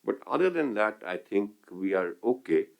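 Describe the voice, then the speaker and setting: An older man with an Indian English accent speaking as an economist on a panel, measured and full of hesitations and restarts. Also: fairly low pitch, big pitch swings, gravelly, lo-fi sound. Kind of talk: panel discussion remarks.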